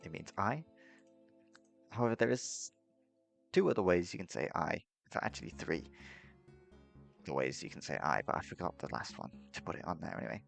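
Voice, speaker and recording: A man's voice: deep voice, vocal fry. A young man casually teaching a beginner language lesson, rambling and correcting himself and laughing at his own mistakes. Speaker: self-taught language hobbyist teaching a lesson.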